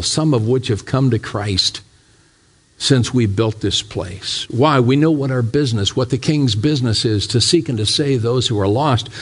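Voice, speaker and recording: A man, a pastor, preaching a sermon in a church, putting question after question to his congregation and building to fervent, raised appeals. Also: lowish voice. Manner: asks the congregation repeated rhetorical questions.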